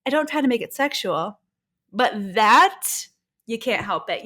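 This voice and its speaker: Animated woman podcast co-host. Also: fairly high pitch, a little slow. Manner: animated, laughs easily, acts out quotes. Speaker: podcast co-host, labor nurse. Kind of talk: casual chat, reading stories aloud.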